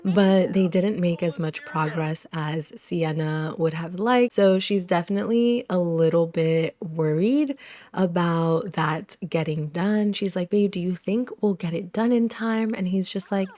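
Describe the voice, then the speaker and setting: A woman's voice: on the low side, unhurried, mellow, dry recording, clean studio sound. A young woman casually commenting on her life-simulation game, gushing over her characters and voicing their chats. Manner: gushing, chatty, voices the characters' thoughts. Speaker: let's play host.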